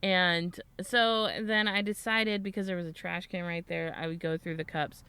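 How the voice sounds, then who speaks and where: Young female podcast co-host, smooth clean tone, casual rambling storyteller, swears a lot. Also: fairly low pitch, fairly even intonation, normal speed, pushed and bright. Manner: rambling, swears freely, laughs often. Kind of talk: casual chat.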